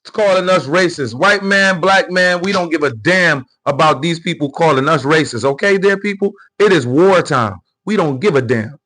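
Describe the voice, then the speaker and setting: A man's voice: on the high side, normal speed, few pauses, sharp tone, poor audio. Man ranting heatedly on a livestream. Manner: heated, profane, repetitive ranting; reads viewer comments aloud. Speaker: livestream commentary host. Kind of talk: live political commentary stream.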